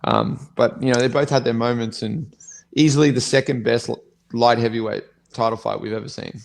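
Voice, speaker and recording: This is a man co-hosting a casual fight podcast. He speaks with a gravelly edge and little rise and fall in pitch. His talk is blunt, sweary and rambling. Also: steady tone, brisk. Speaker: co-host, fighter.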